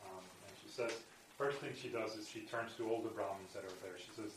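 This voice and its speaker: Male teacher, lowish voice, halting lecture full of ums and restarts, distant mic, roomy echo. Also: fairly even intonation, a little hiss or hum. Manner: hesitant, many fillers and restarts while explaining; reads passages aloud, then explains them. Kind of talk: classroom lecture on scripture. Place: room with students present. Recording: echoey room, voice far from mic, faint ambience.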